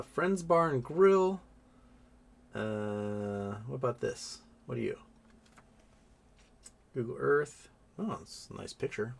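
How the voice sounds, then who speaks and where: A man's voice: medium pitch, creaky, a bit bright. A man hosting a live stream in casual, sarcastic commentary, rambling with frequent restarts and mocking put-on voices.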